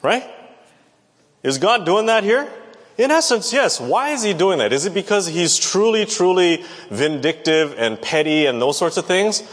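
A man's voice: sits high, animated, moderate pace. A man preaching a Bible lesson, talking conversationally and asking the audience questions. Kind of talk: Bible teaching sermon. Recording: long reverb of a large hall.

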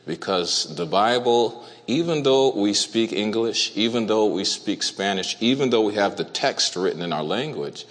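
A man preaching a sermon to a congregation, speaking deliberately and asking them questions. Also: low-pitched, a bit bright. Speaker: pastor. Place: church hall. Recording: reverberant church hall.

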